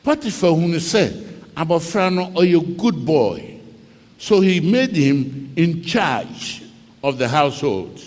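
Slow, lively Ghanaian preacher in a hall. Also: male voice, on the high side. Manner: dramatic storytelling, switching between English and Twi, acting out cries. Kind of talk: sermon. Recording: long reverb of a large hall.

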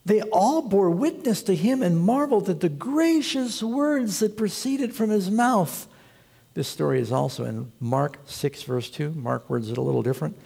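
A man preaching a sermon as pastor, telling the story with animated, storytelling delivery. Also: sits high, moderate pace, vocal fry, slightly rough.

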